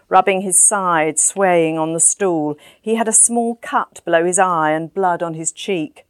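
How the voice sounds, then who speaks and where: Woman, audiobook narration, measured, dry close mic. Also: fairly low pitch, dry recording. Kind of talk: first-person storybook narration.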